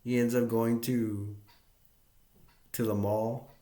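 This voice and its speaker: A warm, mid-range male voice with a level tone takes its time retelling a film. He's a movie reviewer in an echoey room, rambling casually with many fillers and restarts and frequent chuckles.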